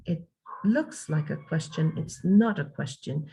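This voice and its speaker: Husky-voiced woman teaching English. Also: low voice, expressive, unhurried, warm tone, poor audio. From Mexico. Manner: explains step by step with spoken examples. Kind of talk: online language lesson.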